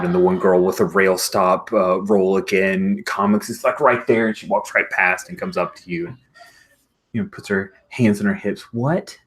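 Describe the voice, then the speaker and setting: Male game master, deep, husky, rambling, animated narration.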